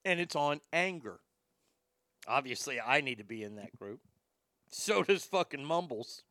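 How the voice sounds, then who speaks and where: A man telling a stand-up story, animated and profane, acting out the lines of the people in it. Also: medium pitch, a little slow, no room sound. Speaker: stand-up comedian.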